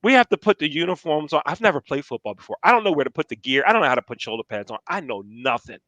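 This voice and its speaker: A man with a high, bright voice tells stories in a relaxed, animated way. He repeats key phrases for emphasis, and the sound is dry and close. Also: very fast, dry recording. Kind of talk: casual storytelling.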